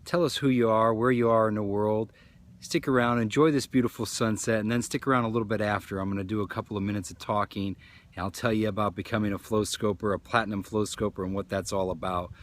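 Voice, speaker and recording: A man's voice: on the low side, steady tone, fast talker. A man hosting a casual live stream outdoors at sunset, effusive and upbeat, thanking viewers by name. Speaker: livestream host. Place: outdoors at a nature preserve at sunset.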